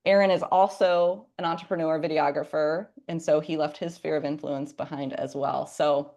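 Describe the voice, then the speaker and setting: A woman's voice: deep voice, steady tone, normal speed, a little mellow. A woman in her thirties talking casually about her work as a real estate agent, chatty and full of ums. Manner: chatty, lots of ums and likes. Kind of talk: casual chat.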